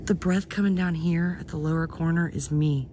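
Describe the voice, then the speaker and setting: A woman's voice: low-pitched, fairly even intonation, moderate pace, mellow, a little hiss or hum. A woman filming herself in snowy woods at night on a handheld phone, frightened and often whispering. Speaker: live streamer. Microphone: handheld phone camera.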